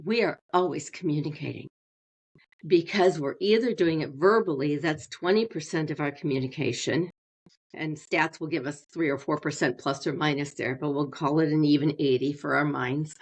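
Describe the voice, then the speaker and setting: Brief: woman therapist, middle-aged, lowish voice, measured teaching manner. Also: husky. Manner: slows down deliberately, demonstrates tone changes. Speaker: marriage and family therapist guest. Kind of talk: explanatory interview talk.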